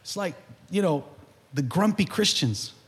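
A man preaching a sermon as pastor, animated and building to shouts, in a large church hall. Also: sits high, measured pace.

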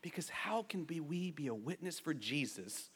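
A man preaching a sermon to his congregation, playful and animated, urging them to answer back with amens. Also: on the high side, normal speed, breathy edge. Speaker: pastor. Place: church sanctuary with a congregation. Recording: long reverb of a large hall.

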